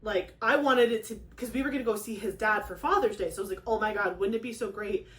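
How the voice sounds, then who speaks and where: A young woman hosting a casual vlog, telling a story in an excitable, rambling way with lots of fillers and acted-out quotes. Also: mid-range voice, fast talker. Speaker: craft channel host. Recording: echoey room.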